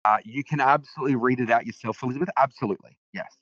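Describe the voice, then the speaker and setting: A man presenting a live software demo on a webinar, talking casually with lots of fillers and restarts. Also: mid-range voice, rapid-fire, no echo, muffled recording.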